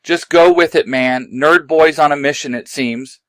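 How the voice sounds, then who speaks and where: Cocky, teasing young warrior, put on by a male narrator, slightly raised pitch, storybook reading. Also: moderate pace, dry recording, natural voice.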